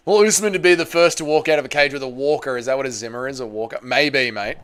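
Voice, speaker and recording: A man's voice: medium pitch, animated, a little fast, a bit bright, slight background noise. A man hosting a casual livestream, reading out chat messages and answering with crude, teasing banter. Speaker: livestream host.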